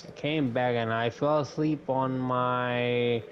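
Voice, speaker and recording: A man's voice: mid-range voice, slow. A young man talking casually on a podcast, telling a long story and swearing as he goes. He acts out the lines of other people. The mic sounds dull and lo-fi, with faint hiss behind him. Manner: animated, swears often, acts out quotes. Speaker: podcast co-host.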